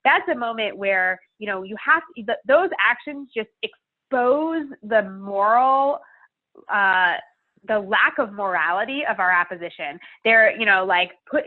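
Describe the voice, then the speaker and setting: A woman's voice: medium pitch, animated, measured pace. Woman guest on a remote call, tinny phone-band audio, earnest and emphatic, thinking aloud. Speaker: guest, climate organizer. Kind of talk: podcast interview conversation.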